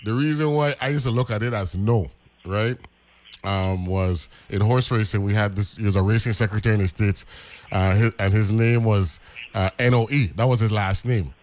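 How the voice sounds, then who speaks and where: A man's voice: on the low side, moderate pace. A man hosting a radio talk show, rambling with many repeated words and asking "right?" often. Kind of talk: casual radio chat.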